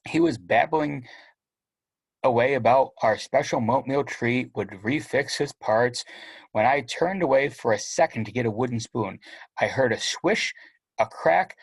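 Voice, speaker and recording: A man's voice: mid-range voice, unhurried, husky, no room sound. A man narrating a first-person story aloud in a wry, sardonic way. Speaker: audiobook narrator.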